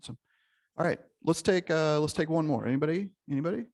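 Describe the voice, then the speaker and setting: A male relationship coach leading a live online session over a computer mic, energetic and emphatic, checking in often and swearing casually. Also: on the high side, fast talker.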